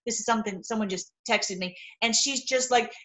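A woman's voice: fairly high pitch, a little fast, fairly bright tone, poor audio. Chatty woman teaching the Bible. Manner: chatty and rambling, acts out quoted people.

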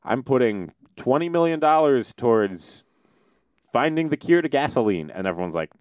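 A male podcast co-host in full rant, swearing freely and dropping into mocking voices. His pitch swings widely as he talks. The sound is dry and close. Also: expressive, normal speed, darkish tone, no echo. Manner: ranting, profane, mocking voices. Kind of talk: casual comedic podcast chat.

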